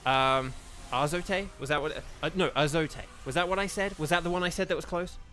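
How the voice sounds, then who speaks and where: A chatty English man talks to his stream chat as he plays, his voice bright and forceful. He rambles, restarts and gets sidetracked, sitting a little high for a man, with faint game music underneath. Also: fast talker. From England. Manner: chatty, distractible, full of fillers and restarts. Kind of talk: casual livestream chat while gaming.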